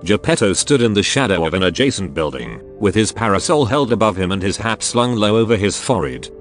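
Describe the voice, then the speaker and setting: A synthetic male text-to-speech voice narrating a story in a flat machine reading. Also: on the low side, fairly quick, soft background music.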